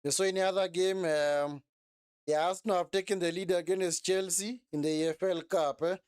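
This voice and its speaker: Young male streamer, slightly high, smooth clear voice, dry close sound, rambling and self-correcting. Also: steady tone, moderate pace, darkish tone, no echo. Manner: chatty, repetitive, self-correcting. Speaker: live stream host. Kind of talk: casual live watch-along commentary.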